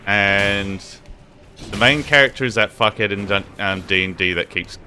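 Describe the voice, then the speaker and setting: A man's voice: lowish voice, moderate pace, bright, forceful tone, soft background music. Tired, sweary gaming streamer guy. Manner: rambling, swears a lot, chatty asides to chat. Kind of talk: casual gaming stream chat.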